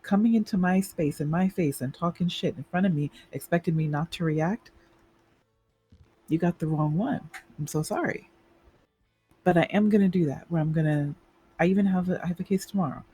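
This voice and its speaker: A man's voice: a little high, normal speed, dark tone, breathy edge, soft background music, poor audio. A man playing a judge in a roleplay, talking bluntly and firmly about how people should behave in court. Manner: blunt and firm, lays down rules. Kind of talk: in-character roleplay conversation.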